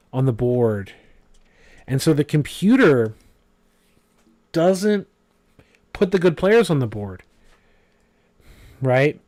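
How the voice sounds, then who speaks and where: A man's voice: mid-range voice, a little mellow, no room sound. A man giving casual, rambling commentary over a video game, full of fillers and asides. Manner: rambling, filler-heavy, conversational.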